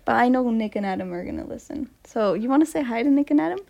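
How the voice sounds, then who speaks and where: A rambling, giggly American woman hosts a loose podcast chat from a study at home. Her voice sits a little high. She keeps laughing, wandering off topic and saying sorry. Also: animated, quick pace, vocal fry, mellow, lo-fi sound. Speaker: podcast host. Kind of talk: casual chat.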